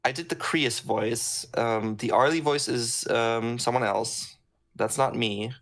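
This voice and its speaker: A man working as a sound designer, chatting casually on a stream in a relaxed, rambling way with many pauses and ums, over a call microphone. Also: medium pitch.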